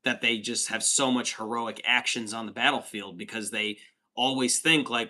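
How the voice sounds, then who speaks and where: Bright-voiced man swearing casually. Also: medium pitch, moderate pace. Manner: profane, rambling, says dude a lot. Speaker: livestream host reading chat. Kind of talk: casual chat.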